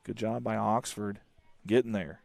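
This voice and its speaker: A man calling a live high school baseball game by himself, in folksy, chatty play-by-play that jumps up on the big plays. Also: measured pace, creaky, no room sound. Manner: folksy one-man commentary, excited calls. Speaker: play-by-play announcer.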